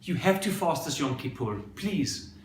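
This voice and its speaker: A man's voice: fairly high pitch, lively intonation, unhurried, reverberant. A widowed mother pleads with her son in a raised, emotional voice, as a preacher acts her out. It is told as a story within a sermon. The room rings a little, with faint noise underneath. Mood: pleading. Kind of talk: dramatic story retelling in a sermon.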